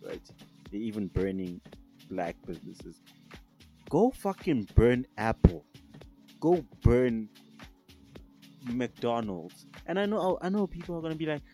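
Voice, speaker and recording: Young south african guy going off on a sweary rant, lowish voice, bit of music behind. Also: darkish tone. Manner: heated, profane, emphatic ranting. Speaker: vlogger. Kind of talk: casual rant to camera.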